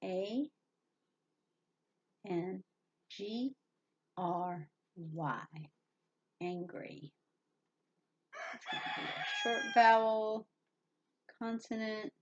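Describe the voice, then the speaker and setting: A woman teacher gives young children a reading lesson at a slow, patient pace, spelling each word letter by letter. Her voice sits at an ordinary middle pitch. The recording is slightly dull and lo-fi. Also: animated.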